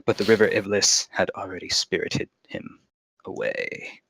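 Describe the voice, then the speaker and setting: A man's voice: low voice, steady tone, gravelly, bright, forceful tone, husky, no echo, exaggerated voice, rough recording. A man doing a theatrical old storyteller. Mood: dramatic. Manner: slow dramatic proclaiming.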